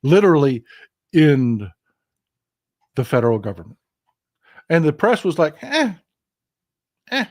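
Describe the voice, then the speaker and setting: An older man hosts a political commentary livestream in a warm, mid-range voice that is very animated yet unhurried, with frequent pauses. He speaks with passion and emphasis, repeats phrases, and reads viewer comments aloud.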